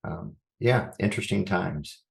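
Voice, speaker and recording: A man's voice: low-pitched, unhurried, gravelly, echoey room. A man, a school superintendent, giving earnest, reflective interview answers and thinking aloud with frequent restarts.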